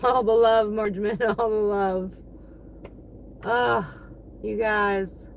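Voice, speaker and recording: A woman chats on a casual livestream, talking slowly and easily as she thanks viewers one after another by name. Her pitch sits at an ordinary middle for a woman. A faint hum of a vehicle carries under her voice. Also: little pitch movement. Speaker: livestreaming delivery driver.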